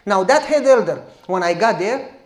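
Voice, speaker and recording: A man, preaching as a pastor and telling a story in a lively, direct way. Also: high voice, moderate pace, roomy sound, slight background noise. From Romania. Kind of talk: sermon storytelling.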